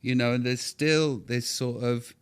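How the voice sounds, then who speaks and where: A middle-aged man, chatting as a podcast guest, rambling with quick restarts and bursts of excitement. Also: mid-range voice, clean tone. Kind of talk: casual podcast interview.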